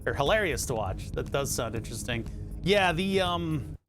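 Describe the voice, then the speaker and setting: Philly guy rambling on a stream, kinda high voice, laughs a lot, cusses here and there. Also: lively intonation, normal speed, music in the background. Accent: Philadelphia. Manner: rambling, laughs often, swears casually. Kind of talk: casual live-stream chat.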